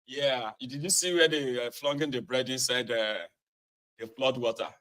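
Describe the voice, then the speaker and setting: Middle-aged Nigerian-accented male commentator, forceful bright tone, mid pitch, delivers defiant impassioned political monologues from a home studio. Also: fairly even intonation, normal speed, rough recording. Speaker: host of political commentary show. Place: own studio.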